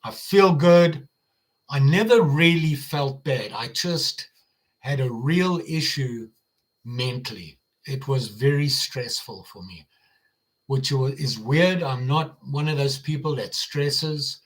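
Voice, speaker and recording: A man's voice: medium pitch, slow. An older man with an American Midwestern accent, chatting casually on a live stream as the channel host, rambling with fillers and restarts.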